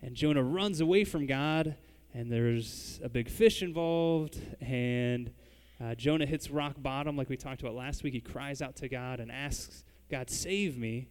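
A man's voice: mid-range voice, a little slow, hardly any pauses, a little mellow, clear, resonant tone, in a large hall. A man preaching a sermon, speaking conversationally and addressing the congregation directly. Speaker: pastor.

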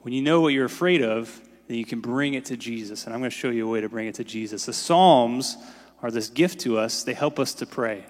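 This pastor talks briskly in a mid-range voice, preaching in an easygoing, conversational style and often saying "like." He's recorded in a church sanctuary where the large hall produces long reverb.

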